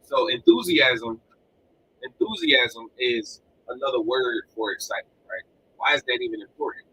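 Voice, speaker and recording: In his live motivational podcast, a father speaks at a medium pitch and normal speed, his voice slightly rough, repeating lines for emphasis with animated energy. He sits in a home room with collectibles at his back, captured on a low-quality recording.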